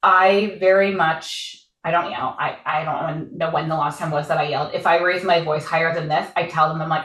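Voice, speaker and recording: A woman in her thirties chats candidly and rambles along, breaking into easy laughs. Her voice sits a little low. The room around her rings with echo. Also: steady tone, moderate pace, hardly any pauses, fairly bright tone. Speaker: podcast co-host. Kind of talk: casual chat. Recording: echoey room.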